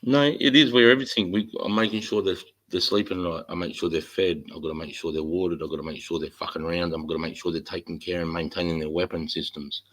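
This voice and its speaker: A man's voice: low-pitched, fairly even intonation, fast, few pauses, a bit bright, rough recording. A middle-aged man with an Australian accent, chatting bluntly and swearing freely about army life as the host. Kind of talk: casual chat.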